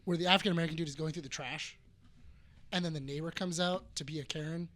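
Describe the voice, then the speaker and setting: A man's voice: a little high, fast. A man co-hosting a casual podcast chat, retelling scenes and acting out the lines. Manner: animated storyteller, acts out quotes. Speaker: podcast co-host.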